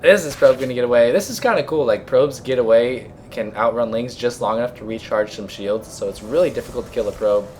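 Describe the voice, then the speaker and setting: A young man casting a game with a hoarse, raspy voice from a sore throat, keeping it laid back and now and then clearing his throat. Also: mid-range voice, a little fast, hardly any pauses, a little mellow, slight background noise. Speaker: esports caster. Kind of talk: relaxed game commentary.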